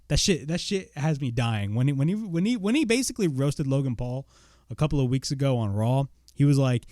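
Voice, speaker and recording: A young man giving a casual spoken wrestling review, blunt and excitable, swearing freely. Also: mid-range voice, a little fast, dry recording, clean studio sound.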